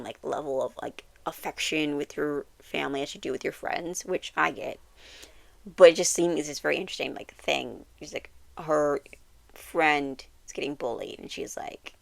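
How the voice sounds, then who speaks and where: A woman giving a casual, rambling recap of a TV series, full of "like" fillers and quick self-corrections. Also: low-pitched, creaky, dry recording. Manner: quotes characters with animated bursts and laughs. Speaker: YouTuber reviewing a TV series. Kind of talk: casual episode recap and commentary.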